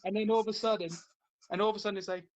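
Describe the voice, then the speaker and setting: A British man with a fairly high voice, talking in loose, animated podcast banter. He jokes constantly, breaks into laughter, and keeps the chat rolling. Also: rapid-fire, muffled recording. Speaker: podcast co-host. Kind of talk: casual chat.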